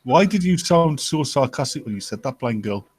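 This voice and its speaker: A man's voice: medium pitch, expressive, moderate pace, darkish tone, husky, dry recording. Crude, joking man co-host. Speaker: podcast co-host. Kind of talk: casual live-stream chat.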